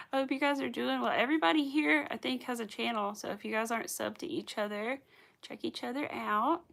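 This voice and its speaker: With a slightly high, somewhat bright voice, vocal fry, fairly even intonation, and normal pacing, a young Southern US woman hosts a crochet livestream. Her light Southern accent comes through as she rambles, laughs often, and chats casually with viewers.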